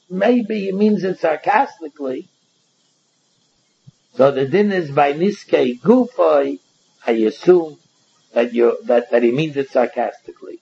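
A man's voice: sits high, vocal fry, a little mellow, breathy edge, dull audio. A man teaching a Talmud class, explaining step by step and often repeating words as he goes.

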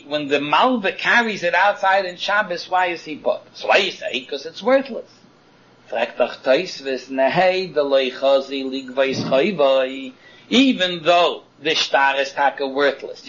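A man teaching a Talmud lesson in a lively chanting singsong, arguing both sides of a case in the first person. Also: fairly high pitch, measured pace. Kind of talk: Talmud study lecture. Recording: dull lo-fi recording.

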